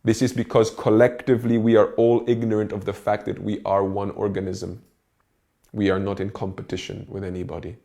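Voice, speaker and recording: A man delivers a recorded lecture as a spiritual teacher, his voice sitting a little low. He explains his points step by step, pausing to check that his listeners are following. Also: little pitch movement, gravelly, dark tone.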